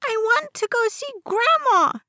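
A woman voicing a small boy who is whiny, tearful and pleading, in a high voice. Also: a little slow, sharp tone, no room sound, clean studio sound, heavily acted. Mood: screeching.

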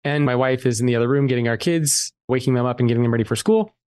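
A man guest on a podcast, telling a personal story in a candid, animated way and swearing freely. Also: mid-range voice, very fast, no room sound, studio quality. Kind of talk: casual storytelling interview.

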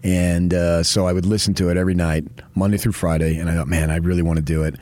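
Effusive deep-voiced radio host man. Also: flat delivery, fast, a little mellow, no room sound. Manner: effusive, emphatic praise. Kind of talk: morning sports radio talk. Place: radio studio. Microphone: studio microphone.

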